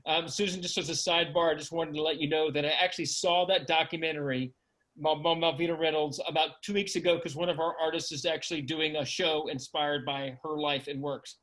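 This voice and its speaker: Man, moderator, fairly high voice, friendly loose asides, video call. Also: steady tone, a little fast, fairly bright tone, low-quality recording. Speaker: forum moderator. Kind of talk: casual moderating.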